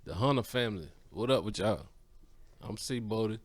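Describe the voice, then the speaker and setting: A man's voice: lowish voice, animated, normal speed. A man co-hosting a podcast, chatting casually with playful bragging. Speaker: podcast co-host. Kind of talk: casual chat.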